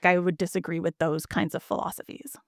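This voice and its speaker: Woman counselor explaining calmly. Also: on the low side, a little fast, creaky, no echo, clean studio sound. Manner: explanatory, uses everyday examples. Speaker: guest counselor and author. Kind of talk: podcast conversation.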